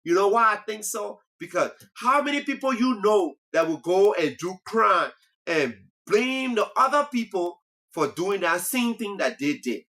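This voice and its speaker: A Liberian man with a high voice and a somewhat slow delivery hosts a comedy talk show, running through a casual monologue. He's animated and teasing, and he laughs at his own jokes.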